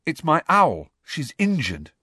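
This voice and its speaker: A man's voice: a little high, wildly swooping pitch, slow, pushed and bright, breathy edge, no room sound, studio quality, voice pushed up, exaggerated voice. A man voicing an anxious, earnest teenage schoolboy in a storybook reading. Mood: urgent. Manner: urgent, earnest.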